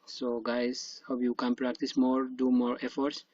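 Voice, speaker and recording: A man's voice: medium pitch, completely flat delivery, measured pace, darkish tone, slightly rough, no echo. Man, teacher, dry close sound, dull lo-fi recording. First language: Arabic. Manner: patient drilling of syllables aloud. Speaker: Chinese teacher. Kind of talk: online pronunciation lesson.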